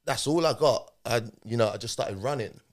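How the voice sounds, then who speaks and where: At a moderate pace and medium pitch, a podcast guest relates a story from his own life, animatedly voicing what each person said as he retells it in conversation.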